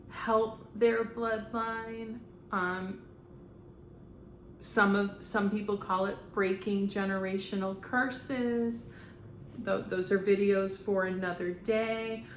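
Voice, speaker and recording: A woman in her fifties, a medium, talking in a rambling, halting way with frequent fillers and laughter. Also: mid-range voice. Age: 50s. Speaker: spiritual medium. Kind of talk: casual channeling monologue. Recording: echoey room with faint background noise.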